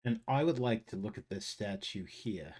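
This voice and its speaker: A man playing a tabletop game, thinking out loud in a wry, musing way. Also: fairly low pitch, lively intonation, moderate pace. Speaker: player.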